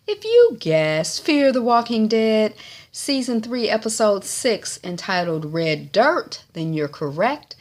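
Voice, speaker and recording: A woman recapping a TV episode for her vlog in a chatty, animated way, with frequent fillers. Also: mid-range voice. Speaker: TV recap vlogger.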